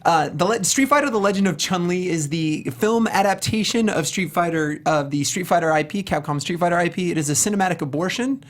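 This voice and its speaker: A man with a high voice co-hosts a casual chat. He trades sarcastic, deadpan jokes with the others. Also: brisk, hardly any pauses. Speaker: podcast co-host.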